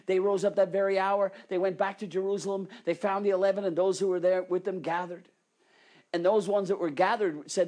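Dramatic preacher, hushed to fervent. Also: mid-range voice, a little fast. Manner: dramatic, swinging between hushed whispers and excited exclamation. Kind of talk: sermon.

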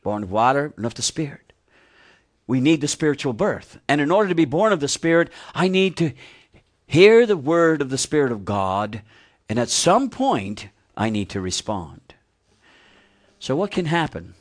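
A man's voice: a little high, big pitch swings, moderate pace. A man preaching a sermon, asking the congregation questions and repeating key phrases for emphasis. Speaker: pastor.

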